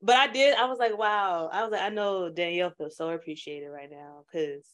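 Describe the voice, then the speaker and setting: A woman from Chicago co-hosting a movie podcast, telling animated stories in casual slang. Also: lowish voice, normal speed, clean tone. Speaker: podcast co-host. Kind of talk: casual chat.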